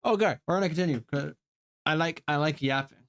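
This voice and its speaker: A male livestreamer chatting loosely with his viewers while working through a story game. His speaking voice sits fairly high for a man. He rambles, curses freely, and keeps talking directly to his chat. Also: a little fast, fairly bright tone. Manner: rambling, profane, talks to chat. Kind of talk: casual live-stream chat while reading a game.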